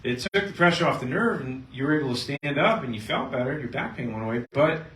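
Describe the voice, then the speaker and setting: A middle-aged man, a chiropractor, speaking to a live seminar audience and telling a patient story with lively storytelling. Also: medium pitch, fast talker. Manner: storytelling, acting out both sides of a patient story, animated. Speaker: chiropractor giving a health seminar. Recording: echoey room, mic at a distance, faint noise.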